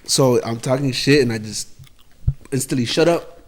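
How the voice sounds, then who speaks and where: A man's voice: mid-range voice, normal speed, slight background noise. A young man co-hosts a laid-back podcast, telling a story in loose street slang. He swears often and circles back over his own words as he goes. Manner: slangy, swears, rambling restarts. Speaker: podcast co-host. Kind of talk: casual storytelling chat.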